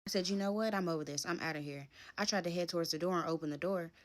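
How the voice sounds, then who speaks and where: A woman narrates her own story to the camera in a relaxed storytime style. Her delivery is animated and dramatic, with a casual, slangy way of talking. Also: fairly low pitch. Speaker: storytime vlogger.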